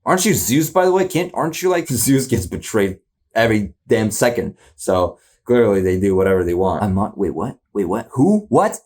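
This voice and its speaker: A man's voice: lowish voice, sing-song, normal speed, a little mellow. A man hosting a reaction video, talking in a loose, rambling way, asking incredulous questions and laughing often. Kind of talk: casual reaction commentary.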